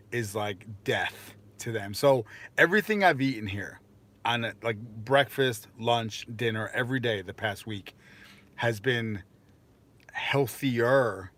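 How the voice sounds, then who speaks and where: A man's voice: fairly low pitch, fairly bright tone. Young American man, casual live-stream host, rambling, filler-heavy, self-deprecating. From United States.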